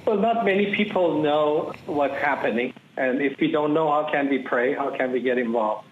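A man's voice: on the high side, moderate pace, a little hiss or hum. A man from Iran, giving an earnest, emphatic personal testimony as an interview guest. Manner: earnest, emphatic, repeats phrases for weight. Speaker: ministry leader, interview guest. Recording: tinny phone-like audio in an echoey room.

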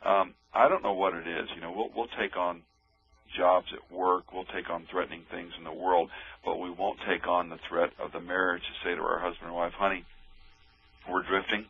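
A man's voice: deep voice, flat delivery, normal speed, slightly rough. A man giving earnest Christian marriage advice on the radio, telling anecdotes and often repeating words as he restarts. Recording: narrow tinny radio-line sound.

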